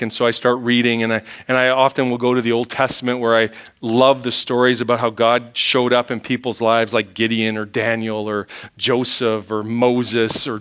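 A middle-aged male pastor preaching a sermon in an earnest way, swinging between fervent pleading and quiet reflection. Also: medium pitch, clear, resonant tone.

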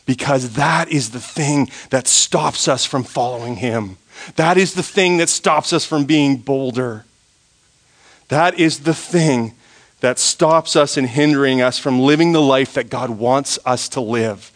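A man preaching a sermon, swinging between soft, quiet passages and loud, high, forceful ones. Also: measured pace. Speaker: pastor.

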